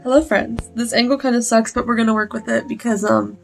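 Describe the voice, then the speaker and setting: A woman's voice: fairly high pitch, steady tone, a little fast, gravelly, faint music behind. A young adult woman chatting casually in a reading vlog, rambling along with lots of "like" fillers. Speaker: book vlogger.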